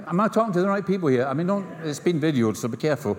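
A man's voice: a little high, lively intonation, fast, hardly any pauses, slight background noise. A middle-aged man from Scotland with a Scottish accent, preaching a sermon and telling stories with humorous asides and acted-out dialogue. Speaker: pastor. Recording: long hall reverb.

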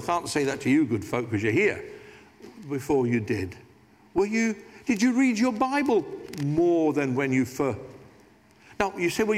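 A man preaching a sermon as pastor, talking conversationally with asides and light humor. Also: sits high. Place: large church. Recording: hall reverb.

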